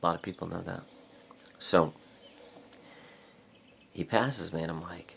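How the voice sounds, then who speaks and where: A man with a very deep, gravelly voice rambles through a casual vlog story. He fills his talk with "like" and swears freely, with a faint hiss of noise behind him. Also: a little slow, pauses often, a bit bright. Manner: rambling, heavy use of "like" and swearing. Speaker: vlogger.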